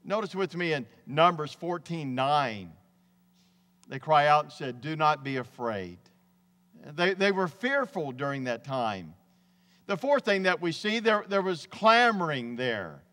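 Pastor, male, high voice, folksy and emphatic, recorded in a church with a long hall reverb. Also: very animated, measured pace, bright, forceful tone. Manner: folksy, emphatic preaching, often says "man". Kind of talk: sermon. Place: church sanctuary.

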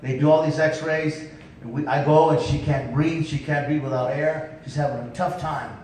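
In a church sanctuary, a revival preacher tells stories and urges the congregation with emphatic cries of "come on now." He keeps a steady tone at normal speed, his voice darkish. The recording is distant and echoey, with a faint rumble underneath.

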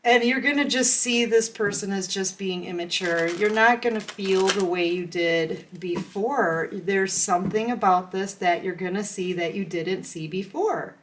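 Female tarot reader, casual and chatty, slow delivery, mid pitch. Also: noisy background. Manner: chatty, acts out imagined dialogue with laughs. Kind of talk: casual tarot reading to camera.

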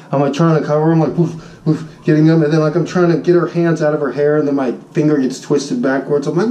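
Guy teacher ranting a story, kinda high voice, mellow tone, echoey room, a bit far off from the mic. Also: fairly even intonation, quick pace, few pauses. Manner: boastful, jokey, acts out his own shouting in high pitch. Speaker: high school Spanish teacher. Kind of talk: animated storytelling vlog. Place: Honolulu.

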